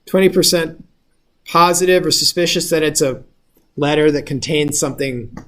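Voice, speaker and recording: A man's voice: on the high side, normal speed, a bit bright. A male instructor giving a casual lecture, explaining step by step and often checking if the class follows.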